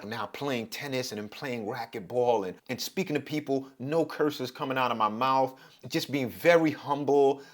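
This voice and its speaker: A middle-aged man from Brooklyn with a New York accent, talking in a reflective, passionate monologue and getting louder as he drives his point home. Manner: passionate, rises in pitch and loudness when making a point. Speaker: podcast host.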